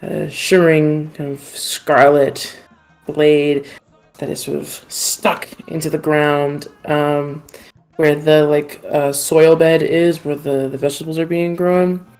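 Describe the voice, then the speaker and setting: A woman's voice: low voice, little pitch movement, takes it slowly, a little mellow, soft background music. A woman narrating a tabletop game as game master, meandering with many fillers.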